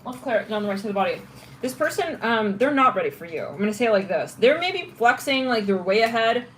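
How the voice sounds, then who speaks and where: A woman's voice: on the high side, big pitch swings, quick pace, a bit bright, slight background noise, low-quality recording. A woman giving a casual tarot reading, thinking aloud and chatting through the cards with frequent restarts. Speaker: tarot reader.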